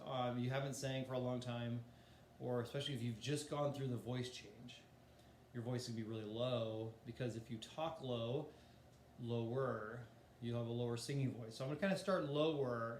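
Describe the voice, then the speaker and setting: A man's voice: mid-range voice, a little mellow, reverberant, slight background noise. A man teaching a voice lesson in a casual, explanatory way, demonstrating breathing and singing exercises. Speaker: music teacher.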